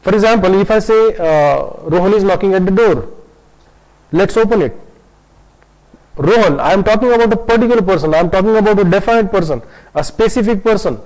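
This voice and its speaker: A man gives an online grammar lesson in a fairly high voice. He talks in a halting way, full of "uh" and restarts, and slows down to stress key terms. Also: a little mellow, rough recording. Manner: hesitant, many fillers and restarts, switches into Hindi to explain. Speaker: English grammar teacher.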